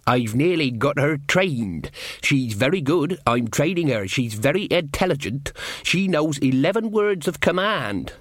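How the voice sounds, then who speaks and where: A man's voice: high voice, lively intonation, normal speed, hardly any pauses, fairly bright tone, dry recording, clean studio sound, voice pushed up. A man voicing an old falconer who rambles proudly about his birds, in a comic fantasy audiobook. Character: doting old falconer, oblivious.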